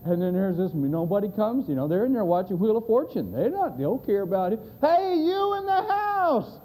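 A man's voice: high voice, very animated, fast, warm tone, a little hiss or hum, rough recording. A man preaching a sermon, telling a folksy joke and acting out the voices. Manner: folksy storyteller, drawling, acts out voices.

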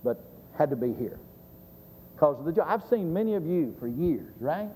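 Emphatic preacher in a reverberant hall. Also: male voice, fairly high pitch, big pitch swings, moderate pace, dark tone, slight background noise. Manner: emphatic, asks the audience questions and answers them. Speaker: preacher teaching a Bible lesson. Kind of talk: sermon-style Bible lesson. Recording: long reverb of a large hall.

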